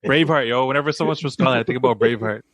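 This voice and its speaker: A man's voice: medium pitch, fairly bright tone, no echo. A man co-hosting a casual podcast, playful and joking. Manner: joking, playful, rapid-fire. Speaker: podcast co-host.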